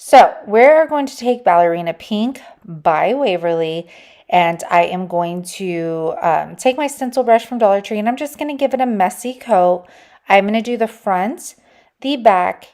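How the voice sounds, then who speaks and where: A woman's voice: mid-range voice, lively intonation, a little slow, darkish tone. A woman hosting a DIY crafts channel, narrating her project in a chatty, enthusiastic voice-over and talking straight to her viewers. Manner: chatty and enthusiastic, addresses viewers as "you guys". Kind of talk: casual tutorial voice-over.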